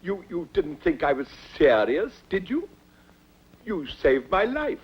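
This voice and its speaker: An actor playing a fussy, easily flustered rich Egyptian lord who blusters and hedges. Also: male voice, a little high, sing-song, a little slow, breathy edge, dull audio, heavily acted.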